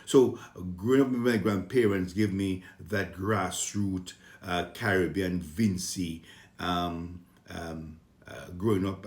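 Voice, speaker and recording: A Vincentian comedian from Saint Vincent talks casually and earnestly about his upbringing, getting heated at times and full of fillers and restarts. His voice is low and a little mellow, in an echoey room.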